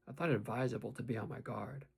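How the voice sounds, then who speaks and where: A man narrating a classic novel in the first person with expressive, measured storytelling. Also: mid-range voice, creaky, slightly rough. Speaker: audiobook narrator.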